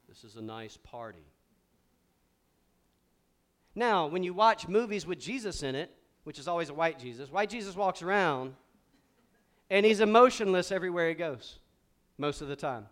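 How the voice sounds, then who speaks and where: A man preaching a sermon to a live congregation with a high, smooth, resonant voice. He drives his points with energy and has the crowd repeat key words back to him. It is a spirited pulpit delivery. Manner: animated preaching with call-and-response to the congregation. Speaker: pastor. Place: church sanctuary before a congregation.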